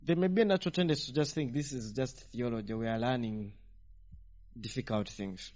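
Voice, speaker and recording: Preacher guy, lively sermon, keeps asking the crowd questions, lo-fi sound. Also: mid-range voice, a little fast. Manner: animated, rhetorical questions to the congregation. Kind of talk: sermon teaching. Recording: dull lo-fi sound.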